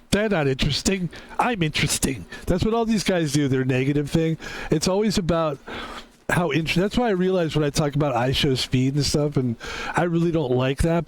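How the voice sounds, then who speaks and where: A man streaming a game, hoarse while recovering his voice, rambling in a quiet hushed way. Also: a little high. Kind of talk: casual gameplay commentary.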